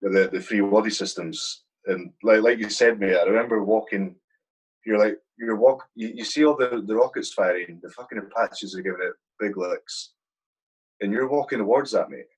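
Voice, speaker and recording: A British army veteran tells war stories in a casual chat, swearing heavily and painting vivid scenes. His voice sits on the low side with a breathy edge and a moderate pace. The recording quality is low.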